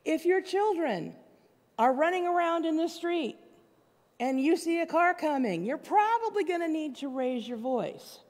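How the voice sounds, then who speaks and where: A woman's voice: extremely high pitch, animated, a little slow, a little mellow. A woman pastor giving a sermon in a conversational, plainspoken way, with asides to the congregation. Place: church sanctuary. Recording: long church hall reverb.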